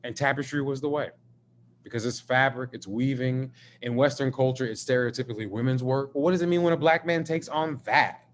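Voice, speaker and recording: A man, an artist, talking in a live-streamed video conversation, an expressive and emphatic storyteller who swears freely. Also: medium pitch, brisk, a little hiss or hum. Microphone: video call.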